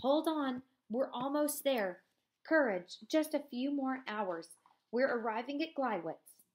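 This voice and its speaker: A woman's voice: high voice, lively intonation, unhurried, voice pushed up. A woman reading aloud voices a weary male guard who coaxes exhausted marchers onward with raised calls. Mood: urging.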